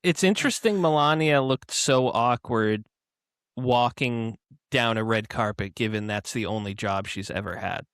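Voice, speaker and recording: A man co-hosting a political podcast who recounts news in a wry, deadpan way and sometimes stammers. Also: medium pitch, measured pace, clean tone, no room sound, clean studio sound. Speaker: podcast co-host. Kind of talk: casual political chat.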